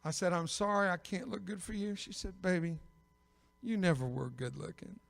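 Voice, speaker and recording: An older man preaching a personal testimony sermon as an evangelist, telling his story with bursts of loud emphasis and dry humor. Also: high-pitched, moderate pace, creaky. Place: church sanctuary. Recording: long reverb of a big church.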